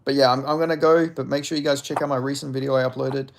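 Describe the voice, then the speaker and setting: A man's voice: mid-range voice, steady tone, fast talker, vocal fry, a little hiss or hum. Male streamer, loose rambling talk, answering chat with joking apologies. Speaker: livestream host. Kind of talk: casual livestream chat about fighting.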